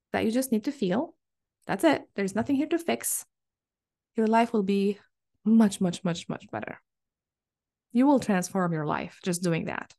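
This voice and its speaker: A woman's voice: medium pitch, a little mellow. A woman hosting a solo podcast, talking earnestly and encouragingly to parents, often repeating phrases for emphasis. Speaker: podcast host. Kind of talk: solo podcast coaching talk.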